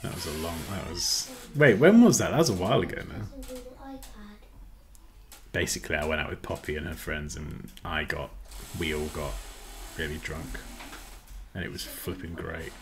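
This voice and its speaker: A man's voice: extremely low pitch, lively intonation, normal speed, pauses often. A man chatting casually through a live design tutorial, self-mocking and easily distracted.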